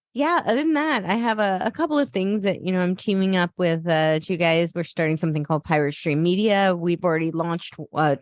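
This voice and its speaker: Casual, low-pitched woman guest. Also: no room sound, studio quality. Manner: loose, searching phrasing with many fillers. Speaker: podcast guest. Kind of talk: casual interview talk.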